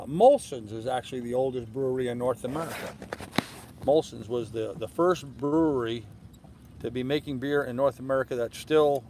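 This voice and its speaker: A man's voice: medium pitch, a little mellow, slight background noise, poor audio. Older man, sailing vlog host, easygoing rambling chat, lots of fillers, outdoors on a boat. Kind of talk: live-stream chat, reading and answering viewer comments. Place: aboard a moored sailboat in a harbor, outdoors at evening.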